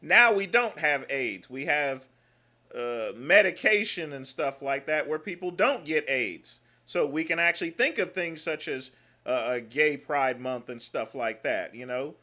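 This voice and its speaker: A man hosting a livestream, reacting to clips with emphatic, mocking repetition and sudden bursts of shouting. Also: a little high, lively intonation, a little slow. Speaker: livestream host. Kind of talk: live reaction commentary.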